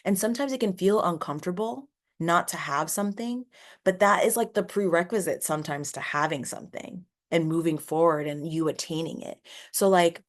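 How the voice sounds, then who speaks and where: Female podcast host, low voice, casual rambling monologue, earnest and encouraging. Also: fairly quick. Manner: casual, rambling, many "like" fillers. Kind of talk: solo motivational podcast monologue.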